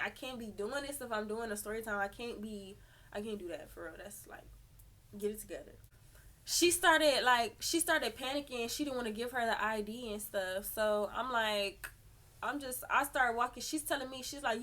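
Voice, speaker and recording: Young woman, slightly high and bright, storytime vlogger who acts out every quote. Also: moderate pace. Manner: animated, profane, acts out quotes. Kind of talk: storytime vlog.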